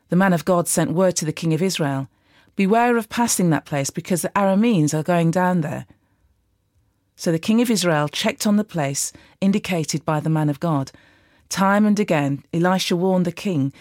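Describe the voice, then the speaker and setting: A woman giving a measured, steady scripted reading of scripture. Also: lowish voice, dry recording, studio quality. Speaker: Bible reader.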